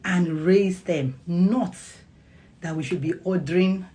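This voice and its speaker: A woman child psychologist who vlogs about parenting talks casually to the camera, animated and laughing often as she acts out little scenes. Her voice is on the low side and her pace slow.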